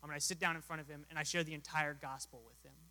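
Earnest young man, bright voice, echoing hall. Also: on the high side, steady tone, rapid-fire. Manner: earnest storyteller, acts out dialogue. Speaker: mission volunteer. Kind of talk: testimony. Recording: hall reverb.

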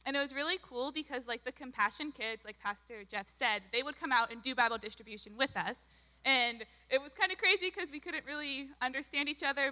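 A woman's voice: fairly high pitch, sharp tone. Bubbly young woman in a reverberant hall. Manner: bubbly, chatty with many fillers. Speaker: mission volunteer. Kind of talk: testimony.

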